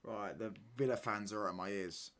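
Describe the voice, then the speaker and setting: Young guy, live watchalong streamer, slangy chat, loud when ranting. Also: on the low side, moderate pace. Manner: casual slangy banter, repeats phrases, gets loud when ranting.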